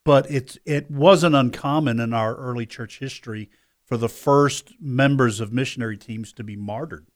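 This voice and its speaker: A man co-hosting a talk radio show, speaking earnestly with halting restarts as he weighs his views. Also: medium pitch. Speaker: radio co-host.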